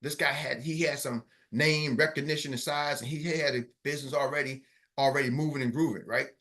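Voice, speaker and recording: A middle-aged man coaching a team in a motivational talk on an online call, energetic and repetitive, often checking that his listeners are with him. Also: mid-range voice, brisk. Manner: energetic, repetitive, keeps asking the audience if they follow. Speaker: business coach.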